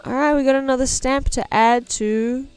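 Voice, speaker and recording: A woman's voice: sits high, fairly even intonation, normal speed, clear, resonant tone, no room sound, faint music behind. Chatty New woman streaming as she draws. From New Zealand. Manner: chatty and self-mocking, muttering to herself while working. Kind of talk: casual live-stream chat while drawing.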